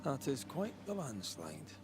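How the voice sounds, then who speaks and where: A man's voice: mid-range voice, wildly swooping pitch, a little slow, faint music behind. An actor playing a cocky adult male fighter in a video game, taunting foes.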